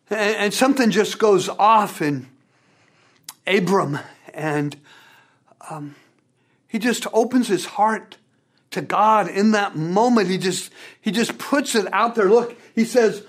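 Preacher mid-sermon, lively delivery, pitch jumping up and down, repeats words for emphasis. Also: takes it slowly, pauses often. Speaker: pastor.

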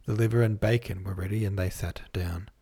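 A man reading a classic novel aloud as a podcast host, in measured literary narration. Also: on the low side, fairly even intonation, mellow, breathy edge. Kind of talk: scripted narration.

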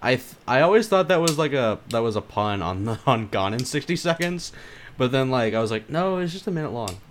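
A man's voice: medium pitch, lively intonation, a little fast, a little hiss or hum. A man co-hosting a podcast in casual chat, making crude jokes and laughing often. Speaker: podcast co-host.

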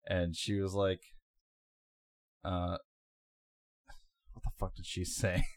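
A man's voice: deep voice, flat delivery, takes it slowly, dry recording. A man co-hosting a podcast, telling a long story in a rambling, laid-back way with lots of fillers. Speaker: podcast co-host. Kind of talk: casual storytelling chat.

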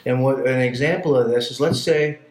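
A man telling his life story in a casual chat, blunt and profane, getting animated when he retells scenes. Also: mid-range voice, brisk, echoey room, a little hiss or hum, low-quality recording.

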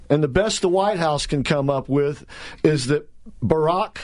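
A man's voice: on the high side, unhurried. A man hosting political talk radio, speaking in a sarcastic, heated way with many restarts and repeated words.

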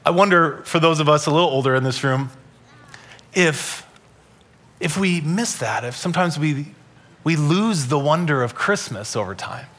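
A man in his thirties preaching a Christmas sermon to a live congregation, telling stories with loud bursts and soft asides. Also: on the high side. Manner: animated storytelling, shifting between loud bursts and soft asides. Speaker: pastor. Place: church hall, live congregation.

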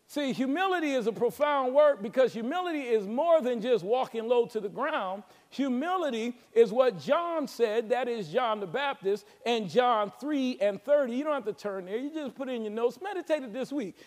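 A man preaching a sermon as pastor, with a Southern American accent and call-and-response delivery that builds to shouts. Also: extremely high pitch. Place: large church sanctuary. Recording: long hall reverb.

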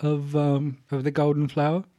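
Brash, mellow-toned man at a game table. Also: on the high side, monotone, moderate pace, no echo. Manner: brash, enthusiastic. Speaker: player. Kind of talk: casual tabletop game chat.

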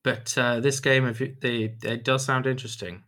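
A man's voice: medium pitch, little pitch movement, moderate pace, a bit bright. A man co-hosting a podcast in casual chat, laid-back, often answering with brief agreeing remarks. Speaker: podcast co-host. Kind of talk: casual chat about video games.

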